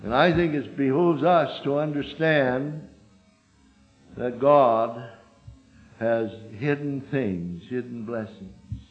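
An older man preaching a sermon, telling stories with emphatic swings between loud urgent peaks and low quiet asides. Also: slow pace, soft background music. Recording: dull lo-fi recording.

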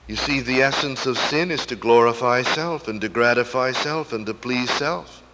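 A man's voice: medium pitch, normal speed. Fervent male preacher in an echoey hall. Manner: fervent, rising to impassioned cries. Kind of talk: sermon. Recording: echoey hall, faint hiss and clicks.

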